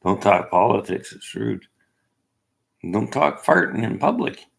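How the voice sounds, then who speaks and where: Man, gravelly, husky, opinionated, rambling, lively pitch, slow. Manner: rambling, opinionated, swings from loud to whispered. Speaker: self-made video commentator. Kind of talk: casual monologue.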